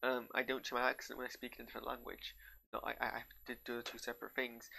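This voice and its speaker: A man's voice: mid-range voice, completely flat delivery, quick pace, gravelly, pushed and bright, slight background noise. A man with a northern English accent giving a casual, rambling reaction to a TV episode, often drifting off on tangents and losing his thread. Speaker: show reviewer.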